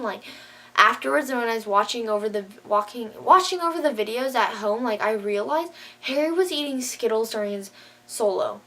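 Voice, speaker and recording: A woman's voice: a little high, fairly bright tone. A woman vlogger chatting casually to camera, gushing and filling her talk with "like". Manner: gushing, says "like" a lot.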